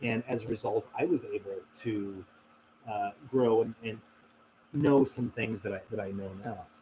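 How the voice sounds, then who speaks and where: A man's voice: lowish voice, moderate pace, warm tone, a little hiss or hum, low-quality recording. A man hosting a casual question-and-answer stream, talking in a reflective, rambling way with many fillers and restarts. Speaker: host answering viewer questions. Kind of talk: casual livestream Q&A.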